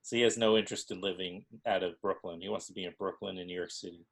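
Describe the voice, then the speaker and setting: A middle-aged man hosting a casual interview, talking in a relaxed, musing way with some hesitation. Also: deep voice, fast, creaky. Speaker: host.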